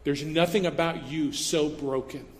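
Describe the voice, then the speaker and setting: A man's voice: on the high side, steady tone, unhurried, in a large hall. A man preaching a sermon as a pastor, in a casual, conversational way, acting out little quoted voices as he goes.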